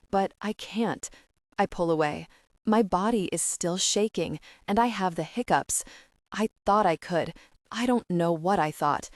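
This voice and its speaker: A woman narrating a first-person romance audiobook in a steady, even reading voice. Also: on the low side, no room sound, studio quality.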